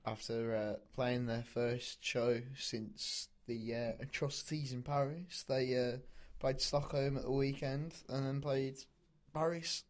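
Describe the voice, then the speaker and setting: A man's voice: medium pitch, steady tone, takes it slowly, hardly any pauses. Hesitant young man, podcast co-host. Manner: hesitant, many ums, chuckles. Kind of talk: casual chat.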